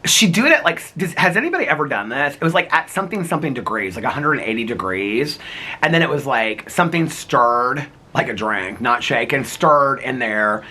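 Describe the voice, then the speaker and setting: A man's voice: mid-range voice, very animated, a little fast, bright, forceful tone, slightly rough. A middle-aged man vlogging in a rambling casual chat, laughing often as he talks.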